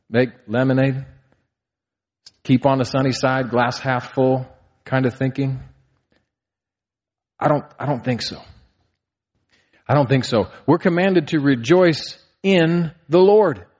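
A man's voice: medium pitch, a little mellow. A man in his thirties preaching a sermon, earnest, asking rhetorical questions and building to emphatic peaks. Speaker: pastor. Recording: slightly dull, muffled sound.

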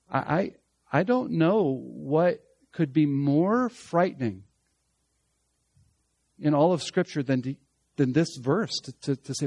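A man preaching a sermon as pastor, swinging from emphatic loud passages to hushed, slow lines. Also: on the high side, lively intonation, dry recording.

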